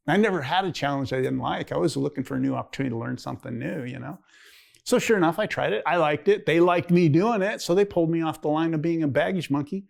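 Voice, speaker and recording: An older man in his sixties speaks as a pastor telling his life story from the pulpit. His voice sits a little high with a gravelly edge, and he rambles conversationally, jumping up in pitch to act out remembered dialogue. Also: quick pace. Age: 60s. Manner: rambling, conversational, acts out quoted dialogue in a raised voice. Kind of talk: personal testimony storytelling. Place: church.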